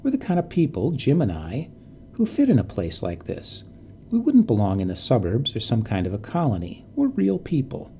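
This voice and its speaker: A man voicing a proud, bossy young woman from the city, brisk and indignant in a story reading. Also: medium pitch, wildly swooping pitch, dark tone, a little hiss or hum. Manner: brisk, indignant, self-satisfied.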